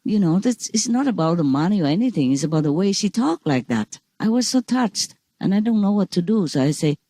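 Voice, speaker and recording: A woman's voice: medium pitch, lively intonation, brisk, dark tone, no room sound. A woman speaking as a spiritual teacher in an informal talk over a video call, rambling and repeating words for emphasis.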